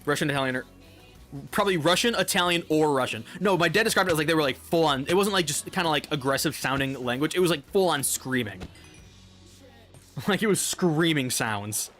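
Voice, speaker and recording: A man's voice: fairly high pitch, lively intonation, brisk, fairly bright tone, soft background music. A young man streaming a game, chatting casually in a rambling, profane way and laughing often. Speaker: live streamer.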